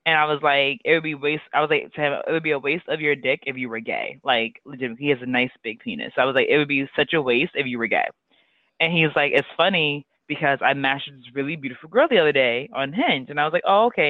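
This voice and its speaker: A man's voice: medium pitch, no echo. Man telling stories over a tinny line. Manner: rambling, laughing, acts out quotes. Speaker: podcast co-host. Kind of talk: casual storytelling chat. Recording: dry tinny phone-like line.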